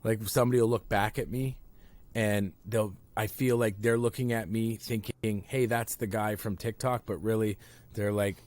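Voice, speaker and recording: A man's voice: fairly low pitch, fairly even intonation, moderate pace, a little mellow. A man co-hosting a podcast, rambling and poking fun at himself in casual chat. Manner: rambling, self-deprecating, many fillers. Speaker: podcast co-host.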